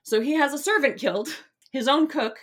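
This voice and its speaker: A woman casually retelling an old legend, animated and profane, often laughing. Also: high voice, fairly quick. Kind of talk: casual storytelling.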